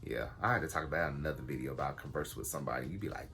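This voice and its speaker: A man telling a story to his viewers in a casual vlog, blunt and animated, swearing freely and calling his audience y'all. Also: very deep voice, racing, creaky. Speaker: vlogger.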